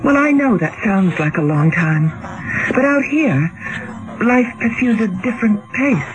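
A woman's voice: on the high side, very animated, unhurried, over music, poor audio. An actress playing an earnest, defensive sister devoted to her good works, in a radio drama.

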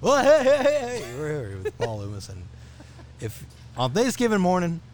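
A man putting on a loud, wacky radio DJ. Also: huge pitch swings, moderate pace, slight background noise. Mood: hyped. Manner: booming hype announcer delivery. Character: wacky male drive-time radio DJ, loud and upbeat. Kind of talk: mock radio promo.

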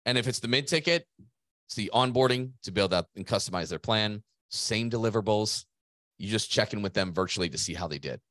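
A man's voice: on the low side, animated, brisk, fairly bright tone, dry recording. A middle-aged man co-hosting a business podcast, talking in an emphatic, motivational way and swearing casually. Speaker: podcast co-host, gym business coach.

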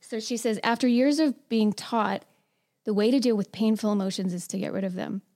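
A woman with a mellow, warm-toned voice leading a casual group discussion. She talks loosely with plenty of fillers and turns questions back to the group. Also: medium pitch, brisk. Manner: conversational, many fillers, asks questions.

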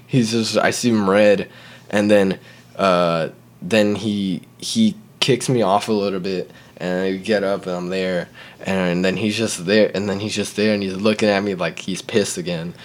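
A man's voice: low voice, steady tone, unhurried. A young man hosting a podcast, telling a long casual story full of fillers and acting out the voices of the people in it. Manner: rambling, full of fillers, acts out the voices in his stories. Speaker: podcast host.

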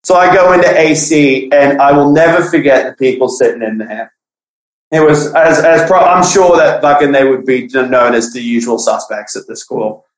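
A young man casually telling a profane school story on a podcast, animated, acting out the people he quotes. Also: medium pitch, moderate pace. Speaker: podcast guest. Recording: echoey room.

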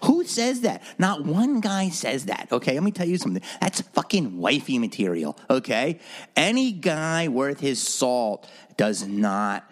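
Profane, animated male podcast ranter. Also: a little slow. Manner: blunt and profane, acts out voices of others; animated, swings between low mutters and high mock voices. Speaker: podcast host. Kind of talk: opinionated solo podcast rant.

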